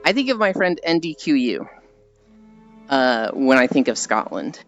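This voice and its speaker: His mid-range voice is very animated and a bit bright, though his pace is a little slow. This American streamer chats and rambles casually, reading the chat aloud and laughing at his own stories, all on dull lo-fi audio with faint background music.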